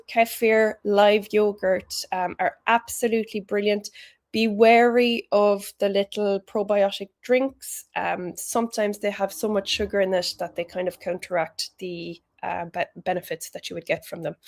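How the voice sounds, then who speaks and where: A woman giving a chatty, encouraging health talk. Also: medium pitch. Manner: chatty and encouraging, with British slang. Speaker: health educator.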